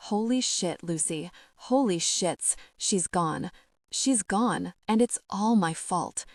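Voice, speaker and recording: A woman voicing a devastated young man who blames himself, in a low, heavy, quietly broken way. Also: lively intonation, takes it slowly, no echo, clean studio sound, full character voice. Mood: anguished. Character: grieving young man, devastated and guilt-ridden.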